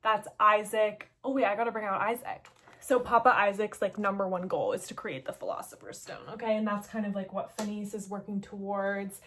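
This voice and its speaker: A woman's voice: medium pitch, fairly quick, fairly bright tone, a little hiss or hum. A young adult woman casually recapping a story game, gossipy and playful, saying "like" in almost every sentence.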